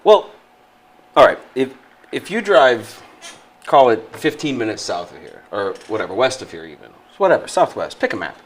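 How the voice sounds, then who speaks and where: A man's voice: medium pitch, very animated. Rambling, joking Midwestern man. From Illinois, Midwest. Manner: joking, rambling, does quick mock accents. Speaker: podcast co-host. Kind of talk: casual banter.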